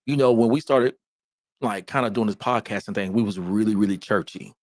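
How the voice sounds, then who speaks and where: A man co-hosting a casual podcast about faith, talking in a lively, emphatic way and often repeating himself. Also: on the low side, brisk, dry recording. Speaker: podcast co-host.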